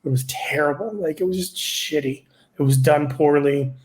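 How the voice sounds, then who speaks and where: Middle-aged male comic guest, slightly high voice, rambling, profane storyteller. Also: moderate pace, darkish tone. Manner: rambling, filler-heavy, profane. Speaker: comedian guest. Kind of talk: casual storytelling.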